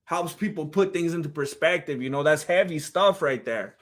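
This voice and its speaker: A man's voice: fairly high pitch, normal speed. A man, chatting casually with his live-stream audience in a heartfelt, rambling way. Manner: heartfelt, rambling, talks straight to chat.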